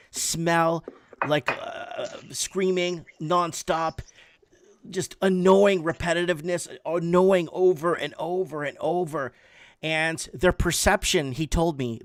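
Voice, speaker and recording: Animated storytelling man, slightly high voice. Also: no echo, clean studio sound. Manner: animated, repeats words when emphatic. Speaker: podcast host. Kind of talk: casual storytelling.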